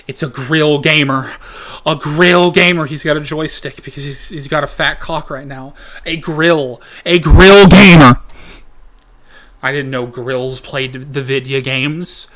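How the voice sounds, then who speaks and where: A man's voice: medium pitch, a little slow. A man hosting a reaction video who gives rambling, profanity-laden comedic commentary. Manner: rambling, animated, swears a lot.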